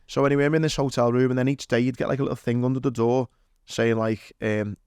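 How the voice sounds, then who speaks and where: A man's voice: medium pitch, steady tone, quick pace, darkish tone, smooth, no echo, clean studio sound. Scouse man telling a story. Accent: Liverpool (Scouse). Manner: rambling anecdotal telling with fillers and acted quotes. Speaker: podcast guest. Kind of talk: casual storytelling chat.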